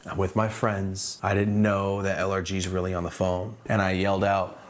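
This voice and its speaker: A man in his thirties tells a story in a casual, slangy way. His voice sits fairly low, and he keeps leaping up in pitch to play the other people in the tale. It feels like talking straight to his viewers. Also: moderate pace, a little hiss or hum. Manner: animated, slangy, acts out other people's lines with sudden jumps in pitch. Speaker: streetwear brand owner telling a story.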